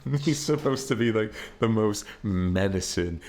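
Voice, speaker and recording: A man with a slightly low voice co-hosts a casual comedy podcast. He tells stories in a loose, chatty way, acts out what people said and laughs often. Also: animated, moderate pace, gravelly, darkish tone. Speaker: podcast co-host.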